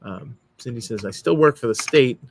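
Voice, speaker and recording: A man's voice: medium pitch, vocal fry, a little hiss or hum. A man hosting a laid-back live stream, reading viewers' comments aloud as they come in. He rambles and stalls on fillers between thoughts. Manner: rambling, halting with fillers while reading chat. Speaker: host. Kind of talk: casual live-stream chat.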